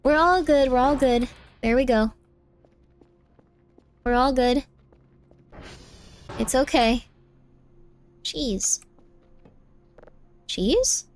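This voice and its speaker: A young woman streaming a game live, chatting fast and often repeating herself, with sudden exasperated outbursts. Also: high voice. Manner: chatty, repeats phrases, bursts of exasperated yelling.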